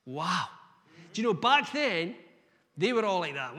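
A man delivers an energetic sermon in a slightly higher voice. He talks conversationally, asking rhetorical questions. His words trail off into the long reverb of a hall. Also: moderate pace. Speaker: guest preacher.

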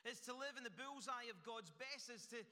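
A man's voice: very high-pitched, fairly quick, pushed and bright. A man pastor delivering an earnest sermon in a church, building emphasis through repeated phrases. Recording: echoey church hall.

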